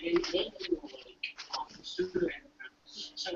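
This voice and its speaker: A high voice with a gravelly edge swings wildly up and down while this speaker rambles through an episode recap, restarting sentences and acting out quotes. it sounds far from the mic on a dull lo-fi recording with a faint hiss underneath. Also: wildly swooping pitch, normal speed. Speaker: anime recapper.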